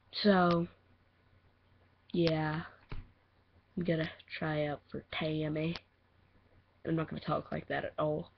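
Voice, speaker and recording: A woman's voice: fairly low pitch, gravelly, husky. A teenage girl rambling in a giggly, self-deprecating way as she introduces her voice audition, recorded on a muffled lo-fi home mic. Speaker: voice acting auditioner. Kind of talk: casual audition vlog.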